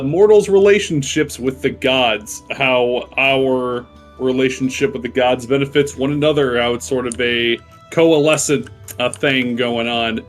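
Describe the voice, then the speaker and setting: A man's voice: medium pitch, a bit bright. A man narrating as game master of a tabletop game, chatty, with many fillers and frequent laughs.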